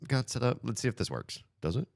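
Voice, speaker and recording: A man's voice: medium pitch, very animated, fast talker, vocal fry, a little mellow. A man streaming live and chatting casually with viewers, rambling, with many "like" fillers.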